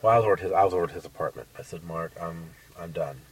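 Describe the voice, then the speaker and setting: A man on a podcast casually telling a crude dating story, animated and swearing. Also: low-pitched, very fast, husky, recorded from a distance, low-quality recording. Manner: crude, animated, acts out quotes.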